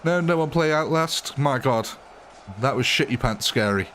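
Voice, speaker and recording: Joking British game streamer. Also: male voice, mid-range voice, lively intonation, moderate pace, a bit bright, slight background noise. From Britain. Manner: joking, chatty, answers chat by name. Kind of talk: casual live-stream chat with viewers.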